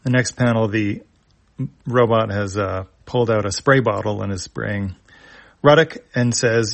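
A man reading a webcomic aloud panel by panel, in a plain, unhurried way. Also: on the low side, vocal fry. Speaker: reader.

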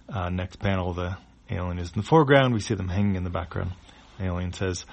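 Low gravelly man describing comic panels. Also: fairly even intonation, brisk. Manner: describes panels with fillers and restarts. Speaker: comic reader. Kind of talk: casual reading of a web comic.

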